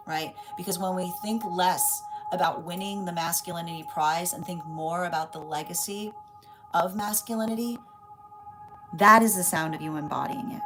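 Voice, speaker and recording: A tarot reader with a lowish voice gives a live reading on a rough recording. She rambles and keeps tacking "right?" onto her points.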